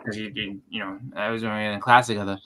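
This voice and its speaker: A man's voice: fairly low pitch, flat delivery, fast talker, noisy background. A man in a casual group chat, telling rambling stories and acting out quotes. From Boston area. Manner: rambling storyteller, acts out quotes. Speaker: channel host, comic collector.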